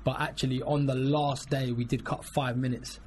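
A man co-hosting a radio show, chatting in a quick, jokey way about making films. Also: mid-range voice, flat delivery, darkish tone. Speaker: radio show co-host, filmmaker. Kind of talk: casual chat. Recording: faint background noise.

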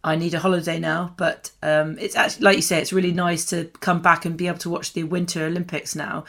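A woman's voice: fairly low pitch, level tone, quick pace, fairly bright tone. A woman co-hosting a forces radio show, chatting casually with many fillers and reading sports news. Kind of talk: casual chat and news read.

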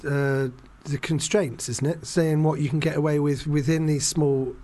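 Podcast co-host, man, slightly high voice, lively and jokey about films. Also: normal speed. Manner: animated, acts out quoted lines. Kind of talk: casual film chat.

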